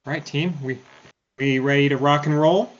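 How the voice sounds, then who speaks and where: A man playing a tabletop game online, talking in an animated way about his character's plans. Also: fairly high pitch, moderate pace, lo-fi sound. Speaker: player. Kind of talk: casual tabletop play.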